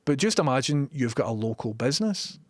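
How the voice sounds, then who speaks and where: A man's voice: medium pitch, very animated, a little fast, dry recording. Sweary Glaswegian man streaming live. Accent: Scottish, Glaswegian. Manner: sweary, opinionated, chatty. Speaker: livestreamer. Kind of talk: casual live-stream chat.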